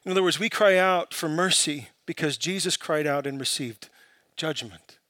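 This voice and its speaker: A man preaching a sermon, building from quiet, searching questions to impassioned, emphatic peaks. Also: on the high side, normal speed, no room sound. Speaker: pastor.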